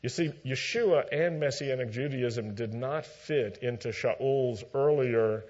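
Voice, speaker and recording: Slow-preaching man, muffled recording. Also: medium pitch, darkish tone. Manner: measured teaching with dramatic quoted lines. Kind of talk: sermon.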